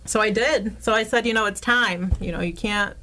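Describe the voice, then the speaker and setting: A woman guest in a radio studio recounts a story, full of "like" and quick asides. She acts out each exchange in a raised, excited voice, then drops back to easy chat. Her pitch sits right at the middle for a woman. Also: a little hiss or hum. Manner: self-described hothead, casual with many "like"s. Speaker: guest, local realtor.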